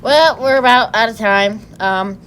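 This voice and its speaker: A woman hosting a podcast in a brisk, casual way. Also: a little high, a bit bright, slight background noise. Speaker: podcast host.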